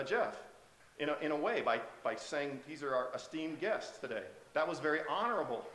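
A man's voice: a little high, fairly bright tone, reverberant. A male preacher giving a sermon in a conversational way, often asking the congregation questions. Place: church sanctuary.

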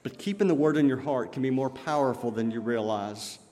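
A man's voice: medium pitch, a little fast, mellow. A male pastor preaching a sermon earnestly, with emphatic rises when quoting scripture. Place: church sanctuary. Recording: long reverb of a church hall.

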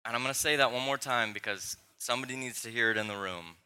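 Young guy pastor in a church, super bright punchy voice, chatty sermon w/ little jokes and family stories. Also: mid-range voice, fast talker, smooth. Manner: conversational preaching with personal anecdotes and humor. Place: church sanctuary.

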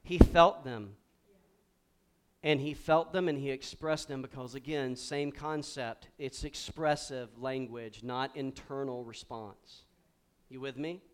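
A pastor preaching a lively sermon to a congregation and calling on them to repeat words back. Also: male voice, medium pitch, slow, clean tone. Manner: animated preaching with call-and-response to the congregation. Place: church sanctuary before a congregation.

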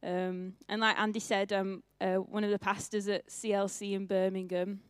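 A woman's voice: medium pitch, little pitch movement, moderate pace, clean tone, no echo. A young woman pastor with a northern English accent, giving a chatty, self-mocking sermon in church and laughing often.

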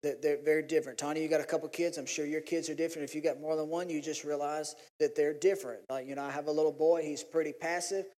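A man, preaching a sermon in a folksy, animated way. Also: fast, few pauses. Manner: folksy, animated storytelling, pitch jumps when acting out his family. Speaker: pastor. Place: church sanctuary. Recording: long hall reverb.

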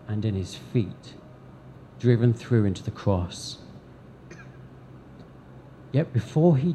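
A man preaching a sermon to a congregation in church, deliberate, with dramatic pauses and emphatic swells. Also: medium pitch, mellow, slight background noise. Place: church service before a congregation.

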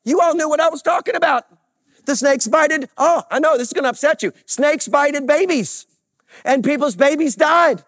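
A man's voice: very high voice, moderate pace, a bit bright, no echo, studio quality. A man preaching a sermon to a church congregation, with call-and-response and joking asides. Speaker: pastor.

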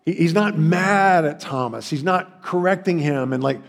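A man preaching a sermon in a church, conversational and halting, with restarts and mock voices. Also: on the high side, vocal fry. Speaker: pastor. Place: church sanctuary. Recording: long hall reverb.

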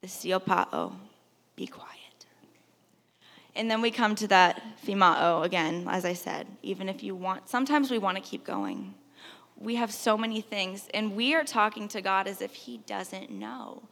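A woman preaching a sermon in a church hall, talking conversationally, asking rhetorical questions and dropping at times to a soft hush. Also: mid-range voice, very animated, normal speed. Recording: long reverb of a hall.

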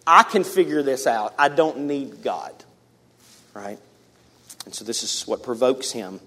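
A male pastor preaching a sermon in a casual, animated way, with big swings between loud high emphasis and low quiet asides. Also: measured pace. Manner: addresses the congregation casually as guys.

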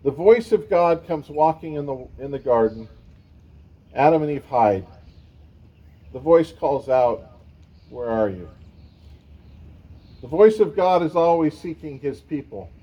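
A man's voice: on the high side, expressive, unhurried, warm tone, breathy edge, lo-fi sound. A man preaching a sermon in a conversational way, with casual asides to the congregation. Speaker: pastor.

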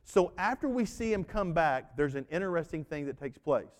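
Male pastor, folksy animated preacher, higher register, reverberant church hall. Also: moderate pace. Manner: folksy, animated storytelling with acted-out voices. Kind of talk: sermon.

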